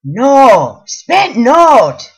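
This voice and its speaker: A woman's voice: high voice, animated, unhurried, a bit bright, pitched above the performer's own voice, full character voice, low-quality recording. A woman voicing a brusque woman loan officer with a thick accent, speaking in clipped, broken phrases. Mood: curt, insistent.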